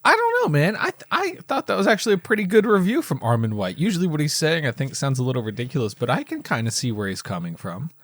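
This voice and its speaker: Animated, hesitant man co-hosting a podcast. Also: on the high side, fast talker, few pauses, no echo. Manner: animated, hesitant with many fillers, playful. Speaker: podcast co-host. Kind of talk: casual movie chat.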